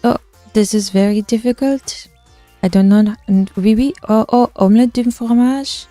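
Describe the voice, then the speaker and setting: A woman's voice: fairly high pitch, normal speed, dark tone, no echo, soft background music, natural voice. A woman putting on a hammy fake French accent. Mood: hammy mock-polite. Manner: hammy, stiff over-polite phrasing. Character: exaggerated mock-French woman, hammy, apologetic.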